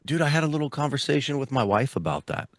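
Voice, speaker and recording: A man's voice: medium pitch, sing-song, fast, no room sound, clean studio sound. A man co-hosting a podcast in casual chat, swearing freely and calling his friend "dude". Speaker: podcast co-host.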